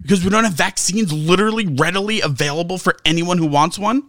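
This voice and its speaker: A man's voice: high voice, fast, a bit bright, no room sound, clean studio sound. A man co-hosting a sports talk show, ranting with heavy swearing and sarcasm. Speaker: sports podcast co-host. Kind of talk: heated sports talk rant.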